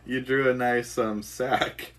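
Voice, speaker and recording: A man's voice: mid-range voice, steady tone, takes it slowly, crowd noise. A man, the host's husband, chiming in off to the side with teasing, laughing comments.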